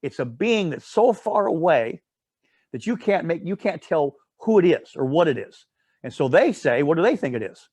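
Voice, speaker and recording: A man with a fairly high voice leads a casual Bible study, telling the story in a rambling, digressive way. He keeps adding asides and correcting himself, and checks in with his listeners often. The sound is dry and close. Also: big pitch swings, normal speed, darkish tone, breathy edge, no echo. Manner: often asks "all right?" to check in with listeners.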